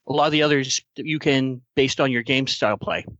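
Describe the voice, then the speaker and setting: A man's voice: mid-range voice, fairly quick, a bit bright, no room sound, highs cut off. A man co-hosting a podcast, adding brief, matter-of-fact remarks to a casual discussion. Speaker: podcast co-host.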